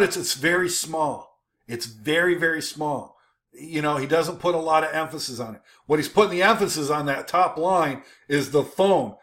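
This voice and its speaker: A man with a slightly higher voice walks through web pages in loose, offhand commentary. He hesitates and restarts often, then lands his points with a punchy "boom.". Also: fairly bright tone. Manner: informal, many fillers and restarts, emphatic "boom". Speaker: host critiquing websites. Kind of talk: casual screen-share commentary.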